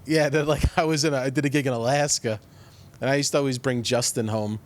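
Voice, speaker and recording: Casting note: a New Jersey guy, a rambling comic storyteller on a podcast, at a middling pitch. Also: fairly even intonation, quick pace. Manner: rambling with many fillers and restarts. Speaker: podcast co-host and comedian. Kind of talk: casual storytelling chat.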